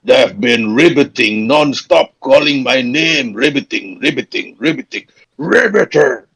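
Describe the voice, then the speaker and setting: A man voicing a huge, territorial tree creature, speaking in slow, booming shouted declarations. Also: lively intonation, vocal fry, slightly rough, heavily acted. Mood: indignant.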